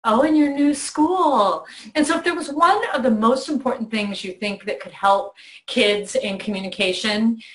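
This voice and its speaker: A middle-aged woman hosting a talk, telling a lively story to a child in a bedroom. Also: a little high, normal speed, reverberant. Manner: animated storyteller, acts out voices in quotes. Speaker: host. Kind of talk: warm storytelling to a child on video.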